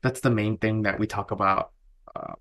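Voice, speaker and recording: Man, a bit low-pitched, lively chatty wedding filmmaker co-hosting a podcast. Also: moderate pace. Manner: animated storytelling, filler-heavy. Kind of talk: casual podcast chat.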